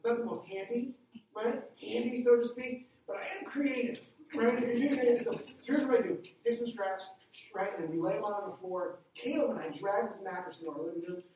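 A middle-aged man, a pastor, preaching a sermon with a lively personal story, his voice climbing when he gets excited. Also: fairly quick, recorded from a distance, a little hiss or hum. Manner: animated storytelling, jumps higher when excited. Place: church hall. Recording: echoey hall, heard from afar.

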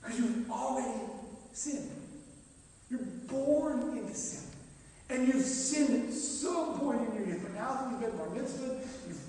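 High-voiced preacher in echoey hall. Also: male voice, unhurried. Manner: animated, acts out dialogue, rising and dropping volume. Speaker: pastor. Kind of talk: sermon. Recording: echoey hall, mic from far off.

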